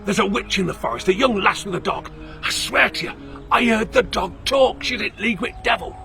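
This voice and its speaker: A man's voice: sits high, animated, a little fast, gravelly, soft background music, heavily acted. A man doing a frantic cursed peddler. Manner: shouting, accusing, raised voice. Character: gruff middle-aged male peddler, cursed and frantic.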